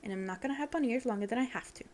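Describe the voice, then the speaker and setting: A woman's voice: a little high, racing, a little mellow, a little hiss or hum. Chatty, giggly woman streamer. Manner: chatty, giggly, apologetic, talking to chat. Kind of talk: casual stream chat while playing a game.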